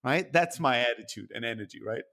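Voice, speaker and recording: A man's voice: medium pitch, animated, a little fast, pushed and bright. A man co-hosting a podcast, talking candidly and introspectively in casual chat, swearing freely. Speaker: podcast co-host.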